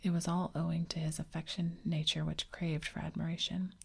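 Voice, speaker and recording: Whispered story reader, woman, husky low voice, flat delivery. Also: a little fast. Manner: whispered throughout.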